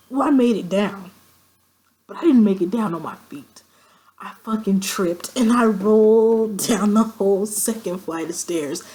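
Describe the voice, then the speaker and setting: A woman telling a long, profane story in a casual vlog, acting out quoted friends with her voice. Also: low-quality recording. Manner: animated, profane, acts out quoted friends with pitch jumps. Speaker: vlogger.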